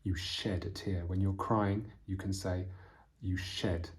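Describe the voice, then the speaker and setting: A man teaching English vocabulary from a storybook, explaining words slowly with frequent fillers. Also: sits low, little pitch movement. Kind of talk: vocabulary lesson reading from a storybook.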